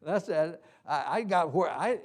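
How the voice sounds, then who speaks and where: A man teaching a Sunday class in a church, folksy and halting, with frequent restarts and fillers. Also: a little high, expressive. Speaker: Sunday school teacher trainer. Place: church hall.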